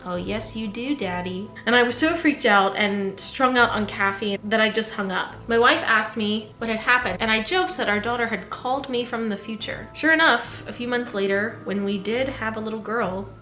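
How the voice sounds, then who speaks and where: Young woman, fairly high voice, chatty and giggly, skincare vlog chat, echoey room. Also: normal speed, few pauses, pushed and bright. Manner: chatty, bubbly and giggly, with playful asides. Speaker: skincare and scary-story vlogger. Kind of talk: casual chat while doing skincare and reading stories aloud. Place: home room. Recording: roomy echo with faint background music.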